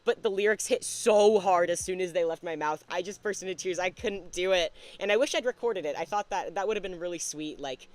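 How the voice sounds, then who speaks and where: Chatty man streaming with a higher voice. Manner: chatty, thinks aloud while working, quick to laugh at himself. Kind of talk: casual livestream chat while drawing.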